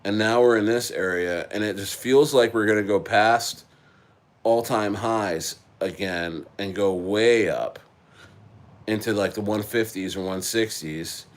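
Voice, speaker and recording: Rambling, halting crypto streamer guy. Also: on the low side. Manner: rambling, halting, many restarts, reads and answers chat. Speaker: crypto livestream host. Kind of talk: casual livestream chat. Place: living in Chile.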